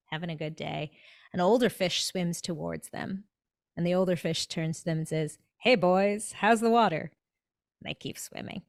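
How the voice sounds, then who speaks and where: A woman speaking as a dentist guest on a podcast, emphatic and animated, stressing her points with repetition. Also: on the low side, dry recording, clean studio sound. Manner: emphatic, animated, acts out inner thoughts. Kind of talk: motivational conversational talk.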